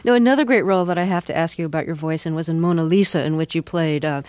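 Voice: mid-range voice, darkish tone, smooth, no room sound. A radio interview host who asks long questions, repeating words as they go. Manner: halting, repeats words while asking.

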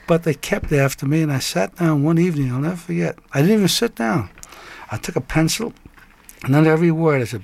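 An older man, a guest songwriter, telling a story in an animated way and breaking into snatches of song. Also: a little high, brisk, creaky, long pauses. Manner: lively raconteur who breaks into snatches of song and laughs.

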